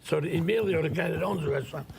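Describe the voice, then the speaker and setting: Gravelly New host, direct storyteller, faint noise. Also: male voice, fairly high pitch, very fast, a little mellow. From New York. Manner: streetwise storyteller, plain and direct. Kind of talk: casual chat.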